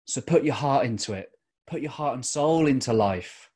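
A middle-aged man giving an earnest motivational talk as a podcast host, slowing down to stress key phrases. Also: medium pitch, animated, a little mellow, breathy edge.

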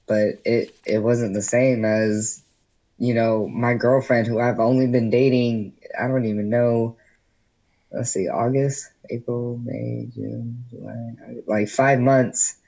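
A man's voice: medium pitch, steady tone, takes it slowly, creaky, mellow, rough recording. A man guesting on a podcast, telling a personal story candidly in casual interview chat, with lots of "like" fillers. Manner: candid storytelling, heavy use of "like".

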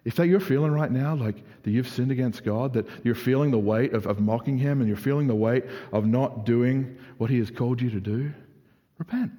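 A young adult man preaching a sermon in a casual, animated way, full of "like" fillers. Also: medium pitch, a little fast, few pauses, highs cut off. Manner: conversational, animated, frequent "like" fillers. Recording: reverberant hall.

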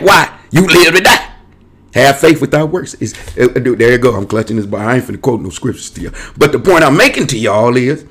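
A man's voice: mid-range voice, sing-song, a little fast, a bit bright, husky. A man hosting his own show, delivering a rambling, digressive monologue to camera in a streetwise, casual way. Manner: digressive, restless, jumps between topics; streetwise, casual speech with cursing. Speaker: show host.

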